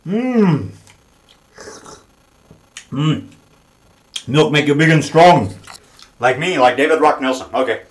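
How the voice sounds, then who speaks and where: A man in a casual home video, talking loudly and boastfully in a goofy, joking way. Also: a little high, animated, slow pace, long pauses, echoey room. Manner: boastful, loud and goofy, jokey. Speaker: vlogger.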